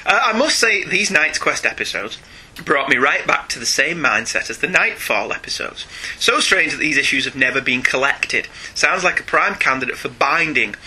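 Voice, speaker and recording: A man's voice: mid-range voice, pushed and bright, breathy edge, poor audio. A British man hosting a podcast in casual, jokey chat, laughing often. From Britain. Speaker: podcast host.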